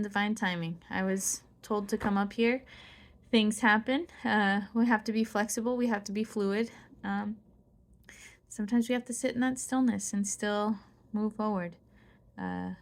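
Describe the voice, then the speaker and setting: A woman reading aloud her own spiritual writing in a soft, musing way. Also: medium pitch. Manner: soft-spoken, musing, laughs at herself. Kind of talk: reflective spiritual monologue.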